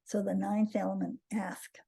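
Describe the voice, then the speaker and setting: A woman's voice: medium pitch, level tone, normal speed, vocal fry, warm tone, husky. An older woman hosting an online workshop, encouraging participants and laughing often. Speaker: host and teacher.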